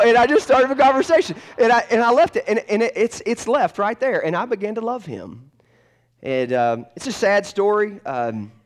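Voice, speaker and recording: A man preaching a sermon, telling a personal story, swinging from loud bursts to hushed asides. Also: fairly high pitch. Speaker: pastor.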